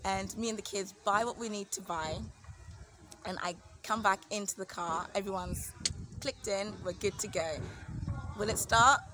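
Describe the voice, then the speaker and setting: A woman's voice: mid-range voice, normal speed. A woman in her thirties, a family vlogger at home, telling a casual story and acting out the voices of people she quotes. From United Kingdom. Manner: animated, acts out quoted voices.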